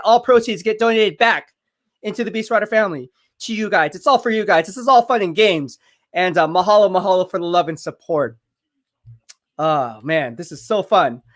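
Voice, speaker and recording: Hyped high-voiced man streaming live. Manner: hyped, chatty, shouts out viewers. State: out of breath from curls. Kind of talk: live draft watch party, reading chat.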